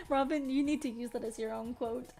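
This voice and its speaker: A woman's voice: high voice, moderate pace, darkish tone. A young woman streamer chatting casually, rambling and giggling between her sentences. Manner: giggly, rambling, laughs often. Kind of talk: casual live-stream chat.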